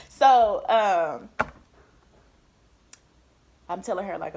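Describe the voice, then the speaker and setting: Young woman, nursing student vlog, frank, swears freely, animated storytelling. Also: mid-range voice, moderate pace, slight background noise. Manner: candid, profane, animated retelling. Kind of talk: casual storytelling chat.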